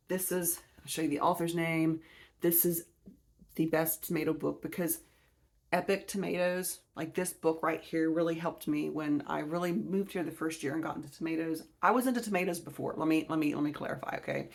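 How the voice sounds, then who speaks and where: A woman's voice: low voice, gravelly. A woman in her forties with a Southern US accent, chatting casually and rambling about her books on her own channel. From Alabama, US. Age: 40s. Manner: chatty, rambling, self-correcting. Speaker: gardening channel host. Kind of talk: casual video chat showing books.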